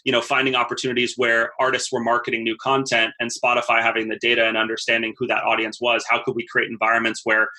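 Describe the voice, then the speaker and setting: A man's voice: mid-range voice, fast talker, hardly any pauses. A man in his thirties, a podcast guest, talking casually about his work and repeating words as he finds his thoughts. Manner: repeats words as he thinks, steady storytelling. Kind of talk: casual interview talk.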